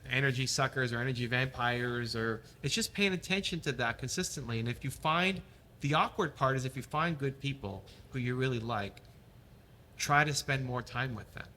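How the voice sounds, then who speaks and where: Man, interview guest, bright forceful voice, upbeat advice-giver, faint background hum. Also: mid-range voice, moderate pace. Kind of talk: casual interview chat.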